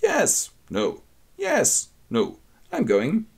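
A man's voice: fairly high pitch, wildly swooping pitch, drawn-out words, gravelly, a little mellow, slightly rough, pitched above the performer's own voice, heavily acted. A man voicing a brusque, impatient young man in a raised voice. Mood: irritated.

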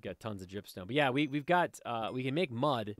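A man's voice: mid-range voice, expressive, brisk, dry recording. A man giving casual, rambling commentary while playing a game, easily sidetracked and chatting to viewers and to the creatures on screen. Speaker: let's play host.

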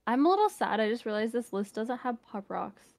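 A woman hosting a casual chat, ranking candy, animated and quick to laugh. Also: on the high side, vocal fry, no room sound.

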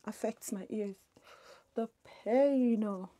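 Mellow-voiced woman chatting through makeup. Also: medium pitch, a little slow. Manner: chatty, muttering to herself while doing makeup. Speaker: beauty vlogger. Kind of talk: get-ready-with-me makeup chat.

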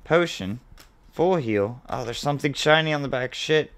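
A man hosting his own video, calmly listing card names as he opens packs and getting excited at the good pulls, with the odd swear word. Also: medium pitch, normal speed. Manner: relaxed, mildly profane. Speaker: host. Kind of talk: casual card-opening commentary.

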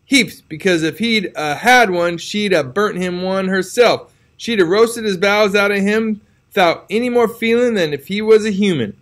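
A man's voice: high-pitched, normal speed, fairly bright tone, pitched above the performer's own voice. A man voicing a mischievous young boy making sly excuses in country dialect, in a storybook reading.

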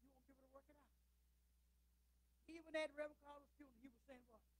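An older man preaching a sermon, firing rhetorical questions at the congregation and swinging between loud declarations and quiet asides. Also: very high-pitched, steady tone, rapid-fire, poor audio.

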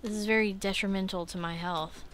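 A young woman hosting a let's play, chatting to the game as she plays, animated and quick to swear. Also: medium pitch, no room sound. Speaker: gaming channel host.

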